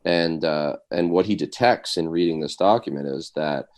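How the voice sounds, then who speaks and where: A veteran co-host in his forties speaks in a very low, deep voice. He thinks aloud in a relaxed podcast conversation and leans on "like" and "um" as he works toward his point. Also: moderate pace. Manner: thoughtful, many fillers like "like" and "um". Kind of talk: casual discussion.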